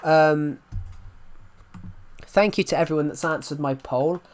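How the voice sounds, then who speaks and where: A man's voice: a little high, measured pace. A man, chatting casually on a live stream and rambling through restarts and repeated phrases. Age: 20s.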